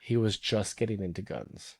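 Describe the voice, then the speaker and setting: A man hosting a podcast, telling stories in casual chat and quoting others in lively voices. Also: on the low side, normal speed, vocal fry, slightly rough. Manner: animated storyteller, quotes others in lively voices. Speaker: podcast host.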